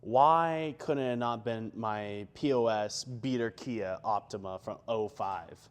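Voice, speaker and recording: A man's voice: fairly low pitch, slow pace, clean tone. Young man, gym vlogger, rambling, filler-heavy, self-deprecating, casual chat.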